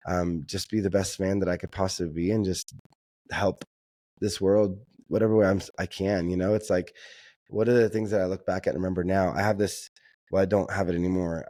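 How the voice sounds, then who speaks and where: A man's voice: deep voice, warm tone, dry recording, clean studio sound. A man speaking earnestly and reflectively as an interview guest, often repeating himself as he works through his thoughts.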